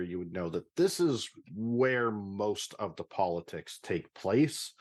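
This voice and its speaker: A deep-voiced man runs a tabletop game as its game master. He describes the scene at length and pauses often with fillers. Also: a little mellow.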